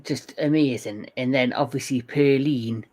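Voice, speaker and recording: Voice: medium pitch, unhurried, darkish tone. Co-host recapping film scenes. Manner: recaps scenes in detail, swears casually. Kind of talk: casual film discussion.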